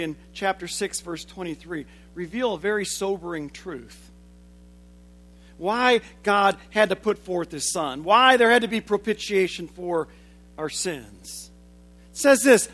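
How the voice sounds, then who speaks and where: A man in his forties delivers a sermon in a notably high voice. He drives some lines home loudly and drops others to a hush, working through his points with steady conviction. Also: normal speed. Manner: swings from loud emphatic lines to hushed low ones. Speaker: preacher.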